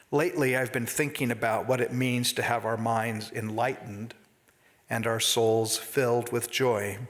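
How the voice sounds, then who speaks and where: A man giving a formal conference address in a slow, earnest and reflective manner. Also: medium pitch, fairly even intonation, long reverb tail. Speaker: conference speaker. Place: conference hall.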